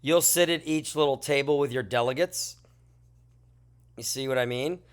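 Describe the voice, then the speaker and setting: Yawning and admitting he's tired, a man teaches a classroom lesson with lively chatter and joking asides. He speaks at a moderate pace in a medium-pitched voice.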